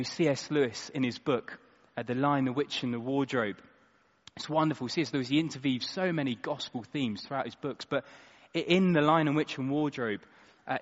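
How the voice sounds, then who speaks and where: A man preaching a sermon in a church hall, expressive and dramatic, moving between loud and quiet. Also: medium pitch. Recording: echoey hall, slightly dull sound.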